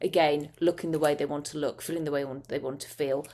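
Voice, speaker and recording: A woman's voice: sits low, normal speed. A woman hypnotist teaching a masterclass, talking casually and emotively with frequent restarts.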